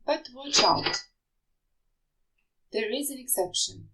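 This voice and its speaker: A French teacher with a fairly high, expressive voice gives a slow, deliberate pronunciation lesson amid heavy background noise. She spells out the rules and over-articulates example words with care.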